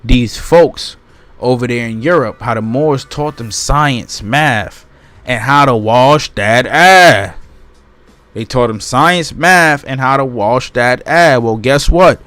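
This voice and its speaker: A man's voice: mid-range voice, takes it slowly, fairly bright tone, no echo. A man hosting his channel, reading a book aloud and breaking off into casual, emphatic commentary that repeats points and keeps asking his listeners "right?". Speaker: channel host.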